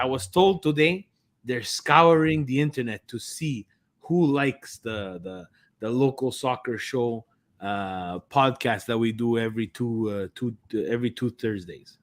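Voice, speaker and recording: A man co-hosting a football podcast, talking in an animated, sarcastic, ranting way. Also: medium pitch, a little slow. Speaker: podcast co-host. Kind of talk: casual podcast chat.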